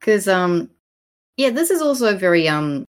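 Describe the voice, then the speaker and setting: A woman co-hosting a casual podcast chat about poetry, sarcastic and animated, with many fillers and restarts. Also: medium pitch, normal speed. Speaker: podcast co-host.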